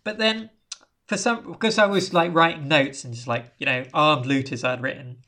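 A woman with a notably low voice talks through a film's plot in a loose, rambling way. She drops in dry, deadpan asides as she goes. It sounds like a casual chat between podcast co-hosts. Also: normal speed. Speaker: podcast co-host. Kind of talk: casual chat, recapping a film.

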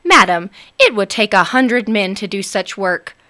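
Woman voicing a greedy rich man, scornful, loud, storybook read-aloud. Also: medium pitch, big pitch swings, measured pace. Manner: incredulous, dismissive.

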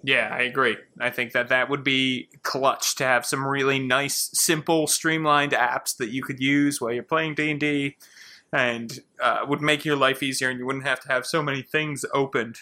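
A man with a bright, forceful voice hosts a relaxed panel chat. He laughs easily and keeps turning questions over to his guests in a friendly, conversational way. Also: medium pitch, moderate pace. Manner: laughs often, hands questions to each guest. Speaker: podcast host moderating a panel. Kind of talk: casual panel discussion.

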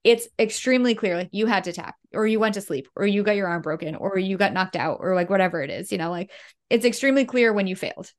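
A woman's voice: medium pitch, fast. Thoughtful woman in casual podcast chat. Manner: thoughtful, hedging. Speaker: podcast co-host.

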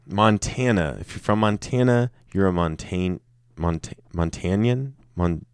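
A man's voice: low voice, measured pace, clear, resonant tone, no echo, studio quality. A man talking alone in an offhand, joking way, swearing a lot and tripping over his words. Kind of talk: casual off-the-cuff monologue.

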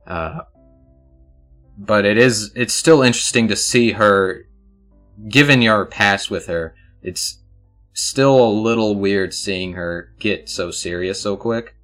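Man, game master, casual narration, talks straight to the players, very low voice, faint music behind. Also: takes it slowly, a bit bright. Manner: casual, lots of uh fillers, addresses players directly.

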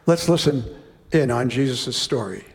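A man's voice: mid-range voice, lively intonation, normal speed, vocal fry. Man preaching in a reverberant hall. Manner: conversational, wry asides between readings. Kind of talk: sermon with scripture reading.

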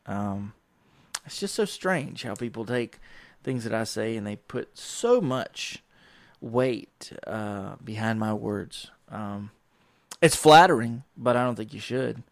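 Gravelly man telling rambling stories. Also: on the low side, takes it slowly, dry recording. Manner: rambling, animated quoting of others. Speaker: professional wrestler. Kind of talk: casual storytelling monologue.

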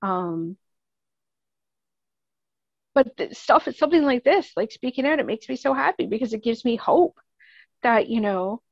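A woman's voice: a little high, lively intonation, measured pace, pauses often, no echo, muffled recording. A woman with a Canadian accent, speaking as a podcast guest in casual, earnest, rambling chat, laughing often.

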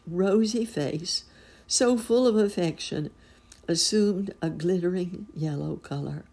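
A woman reads a storybook aloud, slow and expressive. Her voice is low and gravelly, with a husky, mellow warmth. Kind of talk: storybook reading.

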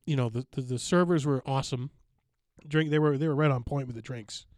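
A man's voice: medium pitch, steady tone, fairly quick, darkish tone, dry recording, studio quality. A man in casual podcast chat, recounting a night out with enthusiastic, rambling talk full of fillers.

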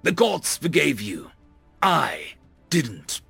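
A man voicing a cold vigilante in an audiobook, ominous and snarling. The voice sits a little higher and harder than his narration, with a gravelly, bright edge. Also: wildly swooping pitch, slow, no echo, faint music behind, heavily acted. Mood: grim. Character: grim male avenger, cold and menacing.

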